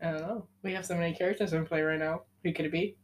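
A young woman chatting casually, playfully acting out a made-up story with quick character voices. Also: fairly low pitch, fairly even intonation, a little hiss or hum.

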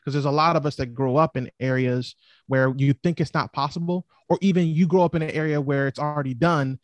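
A man speaking as a guest in a casual interview, explaining his investing plans in an animated, storytelling way. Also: a little high, brisk, no echo. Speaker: real estate investor guest.

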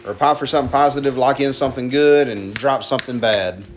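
A man hosts a casual podcast in an easygoing way, steering the segments. His voice sits in a middle pitch. A faint hiss runs under it. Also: steady tone, fast talker. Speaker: podcast host. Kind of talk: casual chat.

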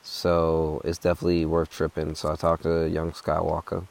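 A man's voice: very deep voice, monotone, moderate pace, gravelly. A young man telling a hiking story in a laid-back, rambling, profane way. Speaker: hiker. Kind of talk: casual storytelling.

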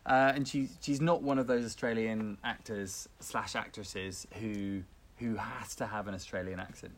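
A man's voice: on the low side, fairly even intonation, moderate pace, slight background noise. A man co-hosting a casual community radio chat, reading out listener comments with lots of restarts. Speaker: co-host.

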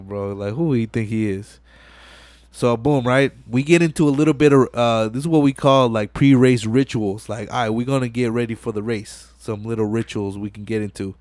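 A man hosting a podcast, retelling a film scene by scene in animated, slang-heavy, profane casual talk full of fillers. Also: mid-range voice, no room sound. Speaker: podcast host. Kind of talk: casual movie recap.

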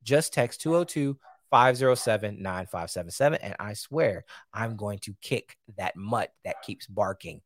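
Male podcast host, heated ranting delivery with animated pitch swings, dry close mic. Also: moderate pace, few pauses, no room sound. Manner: heated, ranting, swinging between loud outbursts and low asides. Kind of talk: opinionated solo commentary.

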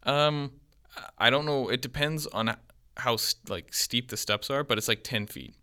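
A man's voice: medium pitch, a little slow. A man in his twenties telling a rambling travel story in casual podcast chat. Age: 20s. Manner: rambling, animated storyteller with quoted voices.

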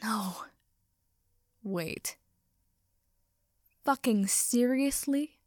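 A woman reading a story aloud and voicing a foul-mouthed, hot-tempered young man who speaks loudly and snappishly. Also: a little high, moderate pace, no room sound, studio quality, close to an everyday voice. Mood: dismayed. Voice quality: loud and snappish, swearing.

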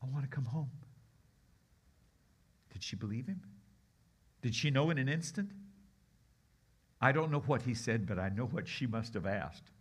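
A man's voice: medium pitch, normal speed, pauses often, husky. A middle-aged man preaching as a guest pastor, telling stories with animation and leading the crowd in repeating a phrase. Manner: animated, acts out voices, leads the crowd in repeating lines. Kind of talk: storytelling sermon.

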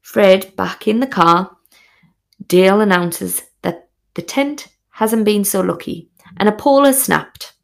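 A woman tells a comic personal story, frank and full of swearing. Her voice has a gravelly, creaky texture at a middle pitch. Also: unhurried. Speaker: podcast host.

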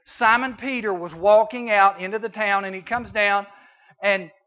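On a dull, lo-fi recording, a youth preacher talks to junior high students at a normal speed, his conversational sermon shifting between loud and hushed.

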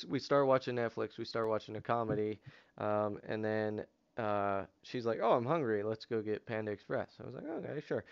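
A man's voice: medium pitch, clean tone, lo-fi sound. A man hosting a podcast, telling a long story in casual chat, with lots of fillers and swearing. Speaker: podcast host. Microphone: headset over online voice chat.

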